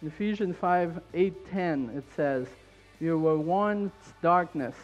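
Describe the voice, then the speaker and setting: A man with a French Canadian accent preaching a fervent sermon in church, repeating his points and building up to shouts. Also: fairly high pitch, takes it slowly, lo-fi sound, faint music behind.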